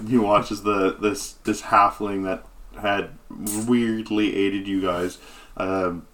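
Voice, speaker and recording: A man's voice: on the low side, flat delivery, slow pace, fairly bright tone. Rambling young man running a tabletop game. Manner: rambling, many fillers and restarts. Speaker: game master. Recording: noisy home recording.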